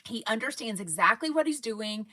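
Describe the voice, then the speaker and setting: A woman's voice: a little high, expressive, moderate pace, sharp tone. A woman with a Texan accent hosting a casual fan livestream, rambling and reading viewers' comments aloud. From Texas. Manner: chatty, rambling, reads live comments aloud. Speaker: fan podcast host.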